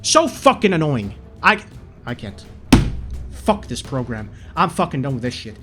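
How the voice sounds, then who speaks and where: A man's voice: medium pitch, big pitch swings, normal speed, music in the background. A man ranting with exasperation and heavy swearing while recording his screen, often stammering into restarts, his throat sore. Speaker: channel host.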